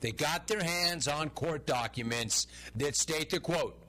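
A man's voice: on the high side, measured pace, hardly any pauses, pushed and bright. A man hosting a sports talk show, delivering sarcastic, incredulous, mocking commentary.

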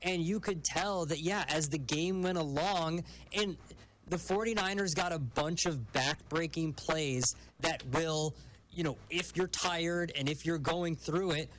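A man's voice: on the high side, unhurried, a bit bright, a little hiss or hum, poor audio. A man co-hosting a sports radio talk show, emphatic and exasperated as he hammers home his opinions.

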